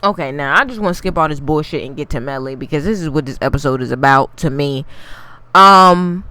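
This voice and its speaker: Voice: mid-range voice, brisk, sharp tone, smooth. A TV recap reviewer giving a casual, blunt, profane take and talking straight to the viewers. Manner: addresses viewers directly.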